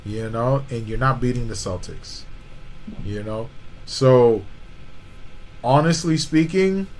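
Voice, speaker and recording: On a low-quality recording with a little hiss or hum, a man co-hosting a podcast argues about basketball. His mid-range voice carries casual slang and a frequent "you know what I'm saying."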